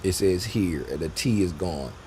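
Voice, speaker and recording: Trading teacher, male, deep and warm tone, loose repetitive delivery. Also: lively intonation, moderate pace, slight background noise. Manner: loose and rambling, repeats himself, talks to viewers directly. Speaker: trading educator. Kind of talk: casual screen-share trading lesson.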